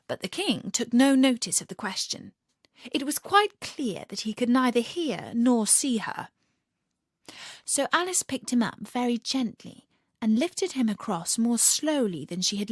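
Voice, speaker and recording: A woman reading a children's storybook aloud in an expressive, animated way. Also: a little high, a little slow, dry recording, studio quality.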